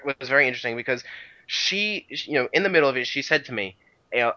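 A man's voice: mid-range voice, fast talker, pushed and bright, lo-fi sound. A man co-hosting a casual podcast about video game history, rambling with many restarts and "you know" fillers. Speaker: podcast co-host.

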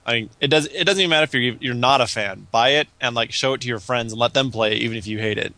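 A man's voice: medium pitch, fast, bright, forceful tone, no echo. A man co-hosting a gaming podcast in a playful, hammy way. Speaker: podcast co-host. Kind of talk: casual gaming podcast chat.

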